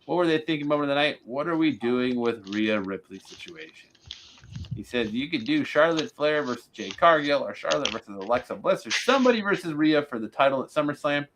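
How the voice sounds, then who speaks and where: A man's voice: medium pitch, expressive, background noise. Blunt sarcastic man recapping wrestling. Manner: blunt, sarcastic, rapid lists. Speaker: podcast co-host. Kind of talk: casual wrestling recap chat.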